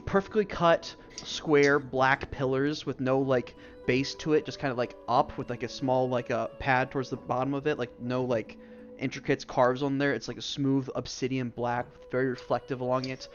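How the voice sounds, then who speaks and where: A man's voice: mid-range voice, flat delivery, moderate pace. Rambling male game master, lo-fi. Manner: rambling, full of "like" and "um". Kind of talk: narrating a tabletop game. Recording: dull lo-fi stream audio with faint music.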